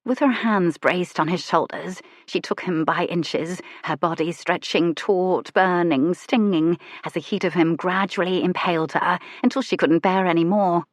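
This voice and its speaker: A woman narrating a historical romance audiobook in a soft, intimate, measured reading. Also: on the low side, no echo, clean studio sound.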